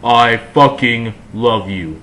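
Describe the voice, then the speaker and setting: A man's voice: medium pitch, takes it slowly, pushed and bright, a little hiss or hum, rough recording. A man voicing a lovestruck teenage goth boy who makes overwrought, melodramatic declarations of love.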